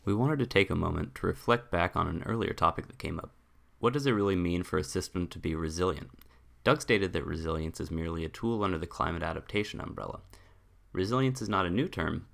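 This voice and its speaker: Male co-host, brisk script read, fast delivery. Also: deep voice, creaky, a bit bright. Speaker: podcast host. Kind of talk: scripted narration.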